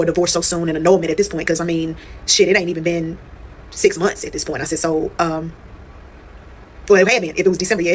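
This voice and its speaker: Young woman, slightly low register; blunt, chatty storytime delivery. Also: a little hiss or hum. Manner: candid, profane, conversational, addresses viewers as y'all. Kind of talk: casual storytime monologue.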